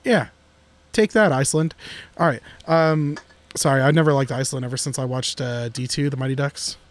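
A man co-hosting a podcast in casual chat, joking and excitable, talking in restless bursts. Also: mid-range voice, fairly quick. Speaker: podcast co-host.

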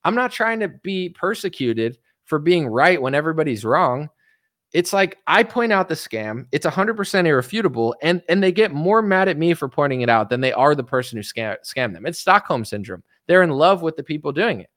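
A man in his thirties delivers an exasperated, casual monologue as a political commentator. His voice sits a touch high and the sound is dry and close, with no room around it. He vents and rants, slipping into mocking voices of his critics. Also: very animated, brisk, fairly bright tone, dry recording. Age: 30s. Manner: exasperated ranting, mocking others in put-on voices.

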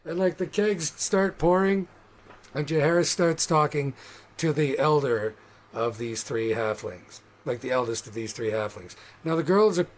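A man narrating a tabletop game as game master in a loose, profane, energetic way. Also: fairly high pitch, measured pace.

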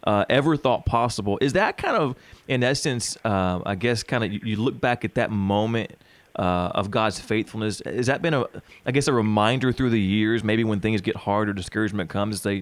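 A man hosting a casual interview, affirming his guest and working through long, winding questions. His voice sits low, and the sound is dry and close. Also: moderate pace, no echo. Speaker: podcast host.

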